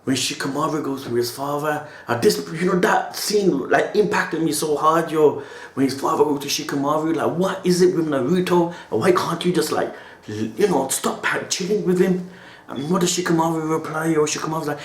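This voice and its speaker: A man's voice: a little high, moderate pace. A man giving an emotional reaction monologue as an anime reaction host, talking in slang and tagging his lines with a casual "yo". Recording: roomy echo.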